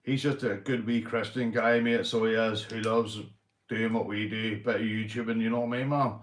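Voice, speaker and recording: A man's voice: level tone, normal speed, reverberant. Northern Irish man chatting on a livestream. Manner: swings from loud shout-outs to low, gruff muttering, swears freely. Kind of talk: casual livestream chat.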